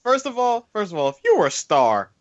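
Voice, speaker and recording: A man co-hosting a podcast in casual banter, insistent and excitable, quick to cut in. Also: sits high, lo-fi sound, a loud crowd. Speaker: podcast co-host.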